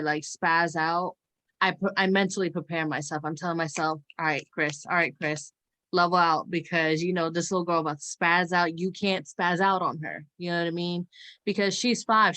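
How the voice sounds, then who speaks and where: A woman in her twenties, a guest in a casual podcast chat, with a low-set voice. Her tone is crisp and bright, and she speaks in a thoughtful, measured way with some fillers. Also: steady tone, rough recording. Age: 20s.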